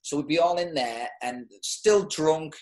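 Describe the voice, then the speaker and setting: A man in his forties with a Teesside accent, telling a personal story as an interview guest in a halting, emotional way with many restarts. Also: a little high, echoey room. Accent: Teesside English. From North East England. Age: 40s.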